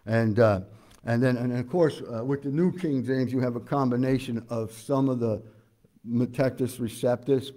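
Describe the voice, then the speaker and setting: A man preaching an expository sermon as pastor. He explains scripture verse by verse, asks the congregation questions and often pauses on "uh". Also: medium pitch, warm tone. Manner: preaches conversationally with frequent "uh" fillers.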